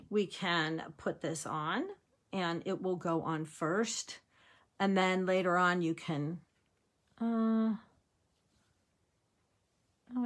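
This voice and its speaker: A woman's voice: lowish voice, fairly bright tone. A woman hosting a casual craft tutorial, chatting upbeat to viewers and laughing at herself while she works with her hands. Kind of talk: casual how-to demonstration.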